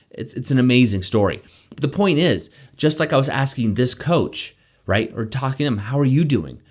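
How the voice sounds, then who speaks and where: Male life-coach host, energetic and chatty, animated intonation, motivational delivery. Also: medium pitch. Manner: energetic, conversational, frequent "right?" asides. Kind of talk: motivational self-help talk.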